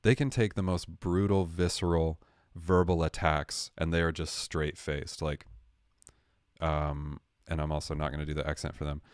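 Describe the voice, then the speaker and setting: A young man with a deep, low-pitched voice rambles through a comedic rant on his livestream. He swears freely, stays sarcastic, and sounds close and dry with no room echo. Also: normal speed, clean tone. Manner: rambling, sarcastic, swearing, lively impressions of others. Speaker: livestream host.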